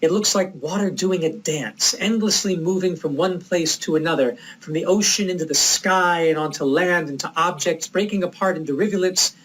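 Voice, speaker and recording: A man from the United States giving a recorded lecture, telling a personal story in a reflective, measured way. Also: on the high side, fairly bright tone, low-quality recording.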